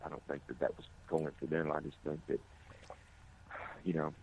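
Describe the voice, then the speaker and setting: A middle-aged man, a firefighter, giving an earnest, halting personal account in an interview, with many restarts. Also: rumbling low, level tone, darkish tone, slight background noise. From United States. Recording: tinny phone-like audio.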